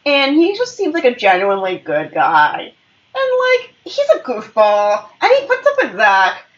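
A woman co-hosting a casual chat podcast, retelling a show in an expressive, playful way and swearing freely. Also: fairly high pitch, a little slow, distant mic, highs cut off. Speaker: podcast co-host. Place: at home on a couch.

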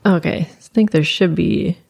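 A woman's voice: fairly low pitch, measured pace, vocal fry, a little mellow, slight background noise. A woman co-hosting a podcast, reacting with short, dry remarks in casual chat. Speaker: podcast co-host.

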